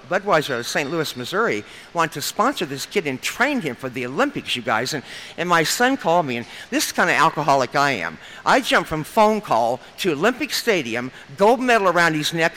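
A woman's voice: sits low, sing-song, a little fast, fairly bright tone, a little hiss or hum. An older woman from Nebraska sharing her recovery story at a meeting podium, talking in a frank, folksy, joking way and often calling the room "you guys.".

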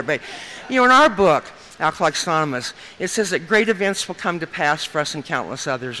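An older woman speaks at a podium mic in a meeting room, telling her recovery story. Her voice is forceful and bright, and she has a frank, folksy, joking way of talking. She keeps calling the crowd "you guys.". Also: deep voice, a little hiss or hum. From Nebraska, US.

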